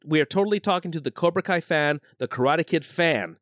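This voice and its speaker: A man co-hosting a podcast in casual chat, agreeable and lively, often laughing as he talks. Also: on the high side, a little fast, no echo, clean studio sound. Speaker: podcast co-host.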